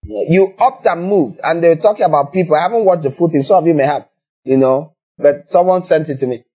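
A man with a Nigerian accent preaching a sermon, animated and acting out little scenes in other voices. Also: on the high side, brisk, breathy edge.

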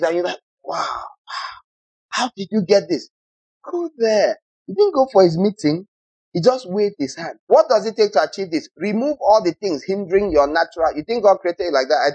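Male preacher, sermon delivery; husky tone, mocking and rhetorical, dynamic. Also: on the high side. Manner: rhetorical, mocking, swings from loud to soft.

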